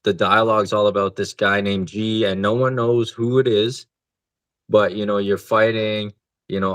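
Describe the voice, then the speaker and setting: A man's voice: on the low side, a bit bright, no room sound. A man co-hosting a podcast, chatting casually about video games in a laid-back way and swearing freely. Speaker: podcast co-host. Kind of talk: casual gaming chat.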